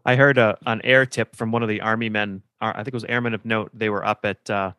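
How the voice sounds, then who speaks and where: A man co-hosting a casual interview, relaxed and affirming, telling anecdotes with plenty of fillers. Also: lowish voice, fast talker, clear, resonant tone, no room sound, clean studio sound. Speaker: podcast co-host, band director.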